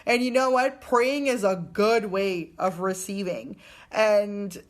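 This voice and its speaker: Young adult woman reading oracle cards live, gentle and affirming, often restarting her sentences. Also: medium pitch, slow. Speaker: spiritual card reader.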